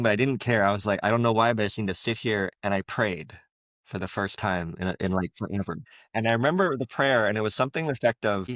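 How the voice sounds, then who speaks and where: A man with a fairly low voice shares a painful personal story as an interview guest. He speaks in a reflective, halting way, leaning on fillers. The sound is dry and close. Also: a bit bright, no echo.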